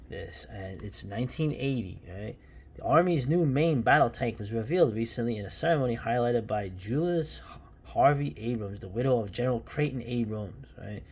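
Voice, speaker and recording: A man's voice: medium pitch, a little mellow, slightly rough. A man in his fifties from New York, giving casual, rambling and opinionated commentary while paging through an old comic. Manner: rambling, opinionated, many restarts and asides. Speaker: comic book reviewer.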